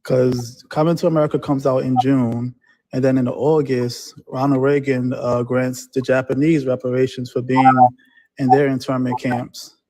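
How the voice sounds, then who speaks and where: A man's voice: medium pitch, level tone, moderate pace, dark tone. A man calling in to a talk show, rambling on with many fillers. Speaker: caller. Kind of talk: casual phone-in chat.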